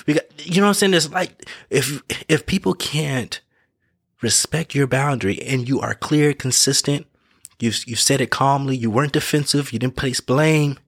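Guy talking life advice, kinda husky voice, keeps repeating himself, asks if you get what he's saying. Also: mid-range voice, moderate pace, no room sound, clean studio sound. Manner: earnest, repeats points, self-corrects, checks in with listener. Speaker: vlogger giving life advice. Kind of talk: casual motivational talk.

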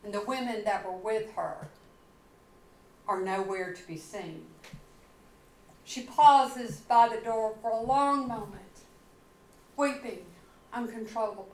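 Slow, dramatic woman pastor in echoey church. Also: mid-range voice, darkish tone, slight background noise. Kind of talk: sermon. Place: church sanctuary.

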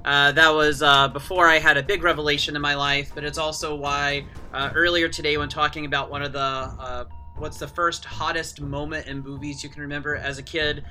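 A man's voice: on the high side, level tone, a little fast, few pauses, pushed and bright, soft background music. A man chatting as a guest over a video call, rambling with lots of fillers. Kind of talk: casual chat.

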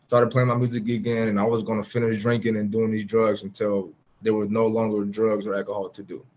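A man's voice: on the low side, flat delivery, fairly quick, darkish tone, dull audio. A man guest on a podcast, candidly recounting a personal story in an earnest, open way with frequent fillers. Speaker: podcast guest, former pro football player.

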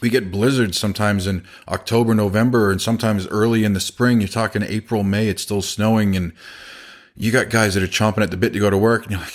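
A man's voice: fairly low pitch, fairly even intonation, a little fast. A man, a business owner telling stories in casual talk and acting out the dialogue he quotes. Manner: conversational, acts out quoted dialogue.

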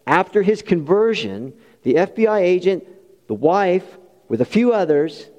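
A man's voice: high voice, big pitch swings, measured pace, a little mellow, highs cut off. A man preaching a sermon as a pastor, impassioned and rising to emphatic peaks, with folksy personal asides. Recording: long hall reverb.

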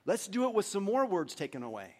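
A man's voice: sits high, very animated, quick pace. A man preaching a sermon in a church, in a conversational way, leading his congregation through group recitation. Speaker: pastor. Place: church sanctuary.

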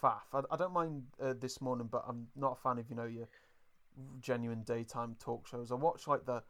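A man's voice: medium pitch, steady tone, normal speed, a bit bright. A British man hosting a casual podcast, chatty and rambling, laughing easily as he recaps an episode. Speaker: podcast host.

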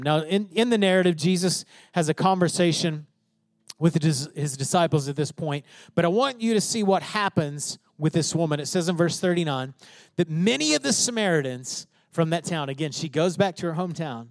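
A man with a notably high voice delivers a sermon, leaning hard on key phrases and asking his listeners whether they are with him. The sound is close and dry, with no room around it. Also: animated, moderate pace, no echo. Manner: emphatic preaching, stresses key phrases, checks in with listeners. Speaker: pastor.

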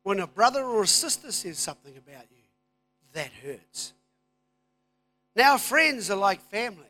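A man preaching a sermon, moving from quiet asides to loud, emphatic declarations. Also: high-pitched, animated, brisk. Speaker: pastor.

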